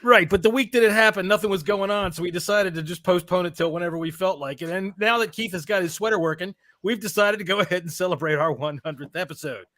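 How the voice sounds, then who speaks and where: A man's voice: sits high, quick pace, hardly any pauses, bright, forceful tone, no room sound, clean studio sound. A man hosting a casual podcast on a video call, teasing his guests in an upbeat emcee style. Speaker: podcast host. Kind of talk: casual chat.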